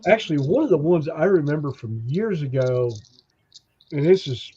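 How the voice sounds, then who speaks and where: Lively storytelling man, dull podcast audio. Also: fairly high pitch, normal speed, slightly rough. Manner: animated storyteller who acts out quoted voices. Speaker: podcast co-host. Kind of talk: casual storytelling chat.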